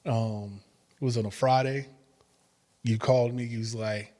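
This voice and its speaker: Guy spinning an animated story, does the voices, laughs a bunch, mid-pitched. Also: unhurried, pauses often. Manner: animated storyteller, acts out quotes, laughs often. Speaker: interview guest, former fighter and matchmaker. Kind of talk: casual storytelling interview.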